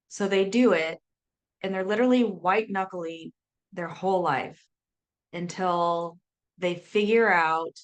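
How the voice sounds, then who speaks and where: Woman, lowish voice, sober-coach guest, casual and animated, chatty with lots of "like". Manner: animated, chatty, many "like"s, acts out her inner voice. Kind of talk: casual podcast conversation.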